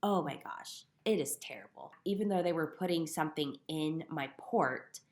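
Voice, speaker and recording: A woman's voice: low-pitched, moderate pace, a little mellow, roomy sound. A young woman candidly telling her personal story on a podcast, with self-deprecating humor. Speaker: guest sharing her story.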